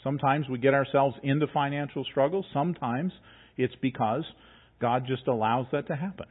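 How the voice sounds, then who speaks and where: Over a tinny, phone-like recording, a man with a medium-pitched voice delivers a brisk sermon. The pastor reads scripture to his congregation and presses his points in a conversational, emphatic manner.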